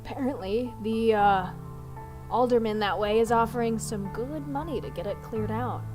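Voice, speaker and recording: A woman's voice: fairly high pitch, moderate pace, darkish tone, faint music behind, natural voice. A woman voicing a hesitant, rambling innkeeper who has run his place for years, in a tabletop game. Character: hesitant middle-aged male innkeeper.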